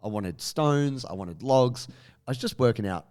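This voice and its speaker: Animated man telling stories. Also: mid-range voice, normal speed, clean tone. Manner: animated storyteller, swears, laughs often. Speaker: podcast co-host. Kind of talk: casual chat.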